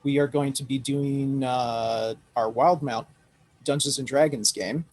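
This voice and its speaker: A man's voice: mid-range voice, unhurried, darkish tone, no room sound. A man from Ireland chatting casually as a podcast guest, easygoing and laughing often. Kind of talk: casual chat.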